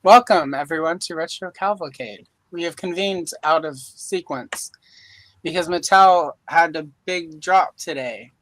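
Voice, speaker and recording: A woman's voice: on the low side, a little slow, rough recording. A woman from Louisiana hosting a casual live-stream chat, joking and rambling with self-deprecating asides. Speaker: host. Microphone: video call mic.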